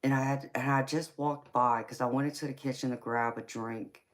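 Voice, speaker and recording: A woman hosting a live stream, casually telling a personal story in an animated way, swearing freely and laughing as she talks. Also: very deep voice, moderate pace. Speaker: tarot reader and live stream host.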